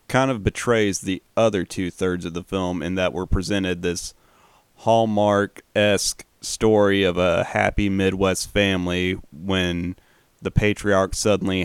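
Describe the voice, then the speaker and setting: Casting: relaxed male film commentator, deep, smooth and resonant, casual and profane. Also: no echo. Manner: relaxed, swears casually, uses fillers. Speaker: film recap host.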